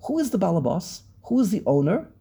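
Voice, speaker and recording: A man teaching a text class over a video call, weaving Hebrew terms into English, pausing and repeating words as he searches, and posing questions he then answers. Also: high-pitched, sing-song, gravelly, mellow, husky. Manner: asks and answers his own questions. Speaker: Torah teacher.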